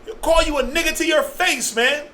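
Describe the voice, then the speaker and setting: A man's voice: very high voice, brisk, sharp tone, slight background noise, rough recording. A man speaking passionately in a group discussion, acting out the people he quotes and laughing often. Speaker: discussion participant.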